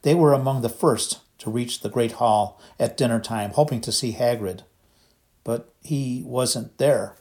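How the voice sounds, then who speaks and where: A male audiobook narrator reads from a script, his mid-range voice keeping a measured, unhurried storytelling rhythm throughout.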